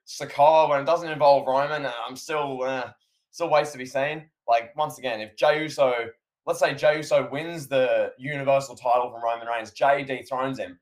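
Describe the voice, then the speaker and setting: A man co-hosting a podcast, chatting enthusiastically and often turning to his co-host by name. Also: medium pitch. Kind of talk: casual podcast chat.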